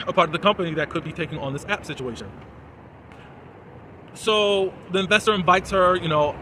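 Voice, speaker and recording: Man, casual episode recap, high bright voice, chatty, faint traffic noise outdoors. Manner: chatty, animated, lots of fillers and "da, da, da". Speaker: TV episode reviewer.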